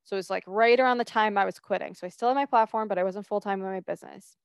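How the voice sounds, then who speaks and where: A woman's voice: medium pitch, rapid-fire, clear, resonant tone, no room sound, clean studio sound. A young woman hosting a solo podcast, talking casually and acting out her own past reactions. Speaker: podcast host and coach.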